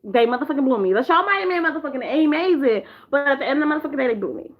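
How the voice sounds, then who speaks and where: Talking very fast, a high-pitched woman vlogger recaps TV shows from a chair at home, swearing a lot throughout. She gets animated, squealing out the characters' parts in this casual, profane storytelling. The audio is muffled and lo-fi.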